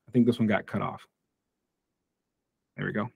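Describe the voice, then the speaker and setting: A man's voice: fairly low pitch, steady tone, moderate pace, creaky, long pauses, a little mellow, slightly rough, no echo, clean studio sound. An American man teaching an online English lesson in a casual, joking way, stopping to act out little example dialogues. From United States. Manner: casual and jokey, acts out short example dialogues.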